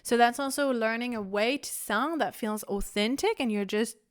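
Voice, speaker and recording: A woman's voice: on the high side, moderate pace. A young woman hosting her own podcast, talking frankly and animatedly about business, swearing casually and laughing often. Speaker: business coach and podcast host. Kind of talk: candid solo podcast talk.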